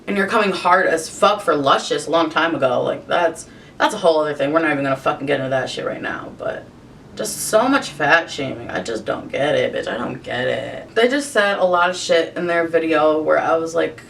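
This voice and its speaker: At home doing her makeup, a young woman vlogger rants with plenty of swearing, sounding exasperated. Her voice is brisk and fairly bright, with lively intonation and vocal fry. The mic sits slightly distant, picking up a faint rumble.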